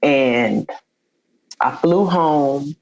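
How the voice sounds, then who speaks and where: A woman's voice: deep voice, animated, extremely slow, darkish tone, lo-fi sound. A woman guest in an interview, telling a personal story with feeling and acting out the dialogue she quotes. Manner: heartfelt, acts out quoted dialogue.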